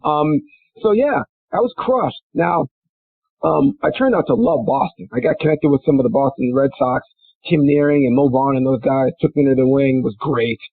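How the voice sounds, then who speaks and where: A man's voice: moderate pace, creaky, husky, no room sound. A middle-aged man from Minnesota, a former football player, telling stories in a rambling, casual way with many restarts and fillers. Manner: rambling, many restarts and fillers, laughs into high-pitched bursts. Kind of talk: casual storytelling interview. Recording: dry, phone-like line.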